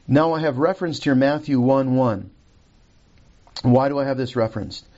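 A man's voice: medium pitch, normal speed, a little mellow, dull audio. A man teaching a recorded Bible lesson from a handout, reading scripture aloud and checking his notes as he goes.

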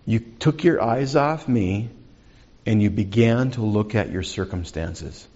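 A man voicing a calm, encouraging adult male teacher within a sermon. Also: fairly low pitch, measured pace, dull audio. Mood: reassuring.

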